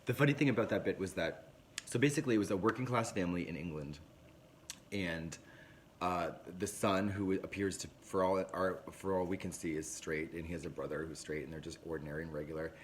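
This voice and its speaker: A man chatting casually on a livestream, telling a rambling, animated story with plenty of swearing. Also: low voice, brisk, a little hiss or hum.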